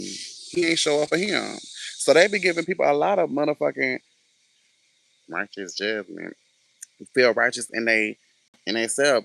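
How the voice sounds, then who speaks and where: Sassy, gravelly man ranting. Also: medium pitch, no room sound. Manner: sassy, animated, swearing, sarcastic. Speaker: vlogger. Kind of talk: casual rant to camera.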